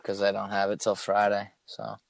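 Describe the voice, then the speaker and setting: A man's voice: lowish voice, normal speed, gravelly, no echo. Young guy telling wild stories, cursing constantly, dry close sound. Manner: swears a lot, animated storytelling. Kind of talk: casual chat.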